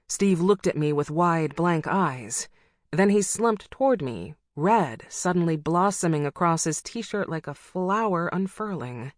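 A woman reading a first-person novel aloud as an audiobook narrator, with wry, brisk storytelling. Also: deep voice, dry recording, studio quality.

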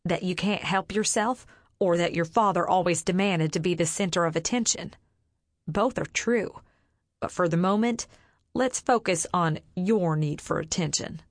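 A woman voicing a stern, sharp-tongued mother who scolds her grown daughter. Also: fairly low pitch, normal speed, no echo, clean studio sound, close to an everyday voice. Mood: scolding.

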